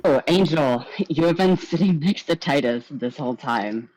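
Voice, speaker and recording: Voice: medium pitch, animated, moderate pace, darkish tone, low-quality recording. Swearing casual game master. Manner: casual, swearing, many fillers. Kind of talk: narrating a tabletop game.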